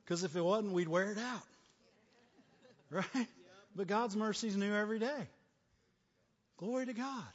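Pastor guy preaching, kinda high voice, church echo and muffled sound, keeps asking "right?". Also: unhurried, long pauses. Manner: repetitive call-and-response, frequent "right?" and "amen?". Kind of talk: sermon. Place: church hall. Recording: long church reverb, dull lo-fi sound.

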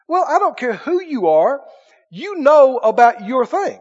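Pastor, male, high-pitched preaching voice, emphatic call-and-response, muffled hall recording with long reverb. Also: sing-song, a little slow, a little mellow, slightly rough. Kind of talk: sermon.

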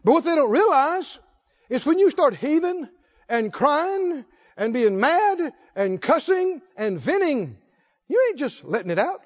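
A man with a very high voice preaches to his congregation, his pitch swinging widely as he stresses each point. He stretches key words out slowly and fires questions at the listeners. The recording sounds dull and lo-fi. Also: sing-song. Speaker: pastor. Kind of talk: sermon. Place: church before a congregation.

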